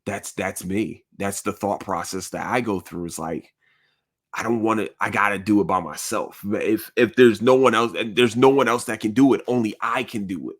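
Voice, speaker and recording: A man's voice: fairly low pitch, a little fast. A man hosting a podcast in casual chat, earnest and rambling, full of slang and swearing. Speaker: podcast host.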